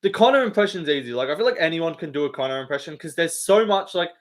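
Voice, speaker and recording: A man's voice: a little high, animated, fast. A young Australian man hosting a live stream, chatting casually and rambling with lots of fillers, swearing and laughs. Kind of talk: casual chat reading live comments.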